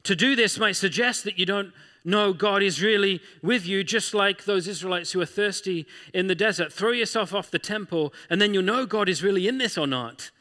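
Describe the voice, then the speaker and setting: A male pastor delivers a sermon in a bright, fairly high voice. He speaks conversationally and keeps posing rhetorical questions. The sound carries a long reverb from a large church hall. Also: normal speed.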